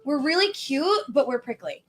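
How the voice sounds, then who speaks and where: Woman podcast host, high voice, chatty, playful, quick to laugh. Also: big pitch swings, faint music behind. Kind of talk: casual chat.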